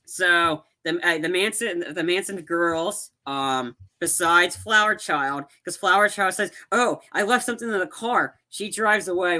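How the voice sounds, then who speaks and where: Rambling through a film's storyline, this podcast co-host keeps restarting sentences and acting out lines of dialogue in a casual way. His voice has a fairly high pitch and a sharp tone.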